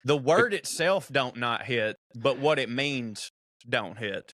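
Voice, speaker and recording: A man with a Southern US accent, co-hosting a podcast with joking, chatty banter and quick interjections. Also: medium pitch, lively intonation, fairly bright tone, no room sound, studio quality. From American South. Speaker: podcast co-host.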